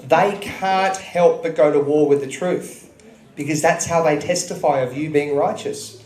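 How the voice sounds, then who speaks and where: A man's voice: on the high side, unhurried, darkish tone. A man in his thirties giving an earnest, preachy speech to an audience at a club, telling stories. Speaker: speaker at a public gathering. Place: club function room. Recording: echoey hall.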